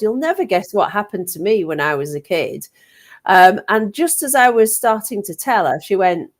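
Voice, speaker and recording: A middle-aged woman from England telling a personal story in a casual, chatty way, with frequent ums and lively acted-out quotes. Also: mid-range voice, normal speed. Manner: chatty, animated, frequent ums, acts out children's shouts.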